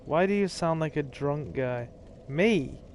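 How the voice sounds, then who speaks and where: A man's voice: on the high side, animated, measured pace, darkish tone, slight background noise. A man, casually commentating a livestreamed game with dry, self-deprecating remarks to his chat, dry-mouthed from thirst. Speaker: gaming streamer.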